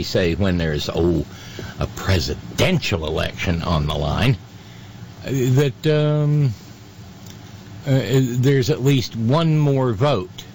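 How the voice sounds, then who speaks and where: Slow, halting man hosting talk radio. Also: fairly low pitch, a little mellow, slight background noise. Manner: halting, many fillers and stammered restarts; sardonic, mocking asides. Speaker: radio talk show host. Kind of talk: casual on-air commentary.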